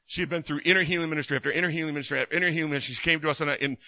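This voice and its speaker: A man preaching a sermon as a minister, telling stories in an animated way and laughing often. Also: a little high, very fast.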